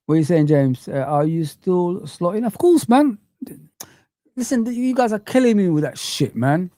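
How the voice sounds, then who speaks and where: A man's voice: sits high, expressive, moderate pace, mellow, no echo, studio quality. A man hosting a football live stream, ranting in heated street slang as he reads the chat.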